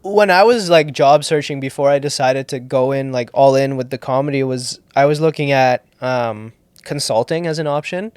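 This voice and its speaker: Young male comedian host from Toronto, smooth voice, swears and jokes, dry sound. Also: mid-range voice, moderate pace, a little mellow, no room sound. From Toronto, Canada. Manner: loose, joking, swears, laughs often. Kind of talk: casual chat.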